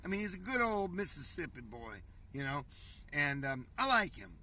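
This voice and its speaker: A man's voice: fairly high pitch, big pitch swings, normal speed, bright, forceful tone, far from the mic. A man hosting a casual commentary show, reading news headlines aloud and riffing on them in a rambling, conversational way, often calling his viewers folks.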